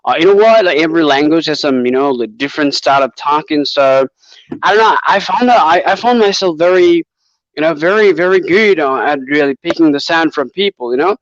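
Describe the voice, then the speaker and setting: A man's voice: a little high, lively intonation, a little fast, no echo, lo-fi sound. A man from Bangladesh with a Bangladeshi accent, a guest chatting casually with many fillers and restarts over a video call. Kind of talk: casual chat.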